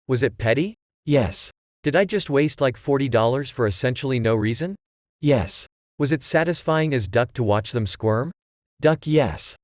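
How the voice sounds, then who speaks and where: A man with a mid-pitched voice reads a first-person story aloud in a plain storytelling manner. The recording is dry and close to the mic. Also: lively intonation, normal speed, darkish tone, no room sound. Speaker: story narrator. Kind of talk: scripted first-person narration.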